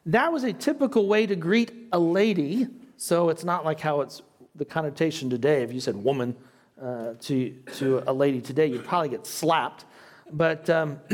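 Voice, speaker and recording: This man's voice sits on the high side and sounds a little mellow, with a slight non-native English accent. He's a pastor leading a Bible study conversationally, putting questions to his class.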